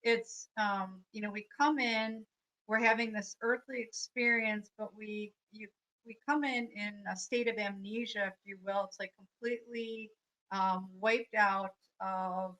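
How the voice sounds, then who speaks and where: Bright-voiced woman giving a spiritual talk. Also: medium pitch, fairly even intonation, unhurried, rough recording. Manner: earnest, reflective, with many fillers. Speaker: life coach and energy healer.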